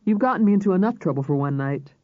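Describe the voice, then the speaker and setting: A male narrator voicing a sharp-tongued woman medical examiner, lifting his pitch for her crisp retorts. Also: lively intonation, fast talker, no echo. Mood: flustered retort. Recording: slightly dull audiobook recording.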